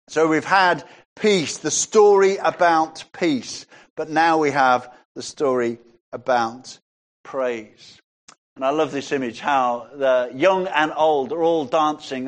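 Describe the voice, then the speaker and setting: A man preaching a sermon, reading scripture passages aloud and rising in pitch when he stresses a point.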